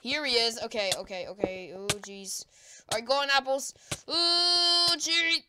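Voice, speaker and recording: A woman giving excitable live gameplay commentary, with frequent panicked cries and laughter. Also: medium pitch, normal speed. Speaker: gaming video creator. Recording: loud background noise.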